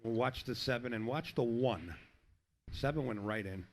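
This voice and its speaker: A man's voice: mid-range voice, moderate pace, slight background noise. Chatty, chuckling pool commentator, a man. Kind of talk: casual play-by-play with joke telling.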